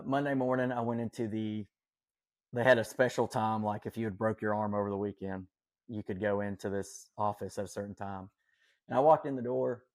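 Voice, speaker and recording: A man's voice: lowish voice, a little mellow. A man telling a personal story as a podcast guest, earnest and rambling, with many fillers and self-corrections. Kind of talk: casual storytelling.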